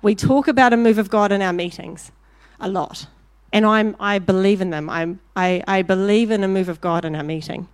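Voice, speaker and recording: A woman preaching a sermon, telling a story with lively acted-out voices before turning to direct exhortation. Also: mid-range voice, moderate pace, few pauses, clean tone, dry recording. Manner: animated storyteller, acting out voices in anecdotes.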